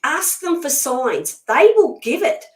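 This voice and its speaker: A woman's voice: high-pitched, big pitch swings, slow pace. Blunt, outspoken woman in an echoey room. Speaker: spiritual medium guest. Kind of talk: casual conversation.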